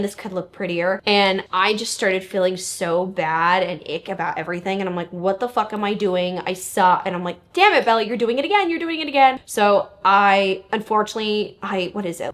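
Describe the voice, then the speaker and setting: A young woman chats straight to the camera at home, candid and loose, swearing freely and wandering off on tangents. Her voice sits at an ordinary middle pitch and is picked up by a close mic. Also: fairly bright tone. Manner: chatty, candid, swears freely, rambles off topic. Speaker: lifestyle vlogger. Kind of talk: casual chat to camera. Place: indoors at home, getting ready. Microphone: studio mic near camera.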